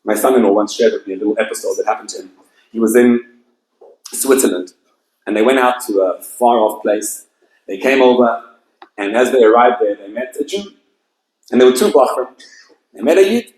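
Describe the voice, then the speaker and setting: A man's voice: medium pitch, brisk, long pauses, darkish tone. Casting: male rabbi, emphatic storyteller, sermon delivery, roomy recording. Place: event hall with audience.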